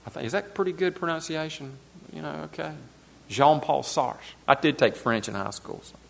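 A man's voice: on the high side, lively intonation, fast talker, vocal fry, fairly bright tone. A man preaching a sermon to his congregation, repeating key phrases for emphasis and asking his listeners questions. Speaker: pastor.

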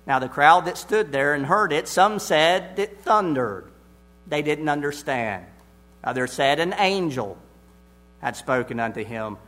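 A man preaching an expository sermon, deliberate and emphatic, repeating his key phrases. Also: fairly high pitch, fairly bright tone.

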